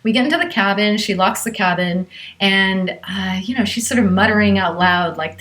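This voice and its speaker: Woman storyteller from Southern California, conversational and chatty, mid pitch. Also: normal speed, fairly bright tone. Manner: conversational, with many fillers. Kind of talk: live personal storytelling.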